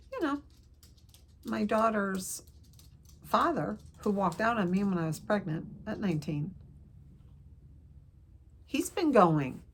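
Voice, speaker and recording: An older woman telling a personal family story to camera, earnest and emotional, with pauses and restarts. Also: mid-range voice, slightly rough. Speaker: counselor vlogger.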